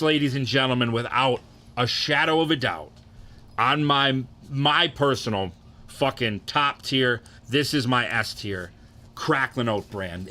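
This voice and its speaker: A young man talks in a casual stream, excitable and profane, tripping over his own restarts. His voice sits at an ordinary male pitch but sounds bright and forceful. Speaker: streamer ranking cereals. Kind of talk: casual ranking chat.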